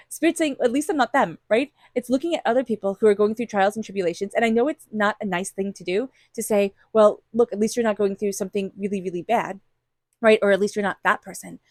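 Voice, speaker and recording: A woman tarot reader gives an intuitive reading, speaking straight to the listener in an earnest, encouraging way. Her mid-range voice runs a little fast, recorded dry with studio quality.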